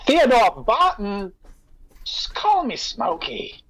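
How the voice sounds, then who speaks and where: A woman's voice: fairly high pitch, wildly swooping pitch, exaggerated voice, rough recording. A woman doing a drawling flirty bear ranger. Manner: slow, drawling impression of a famous actor. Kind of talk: live comedic fanfic reading.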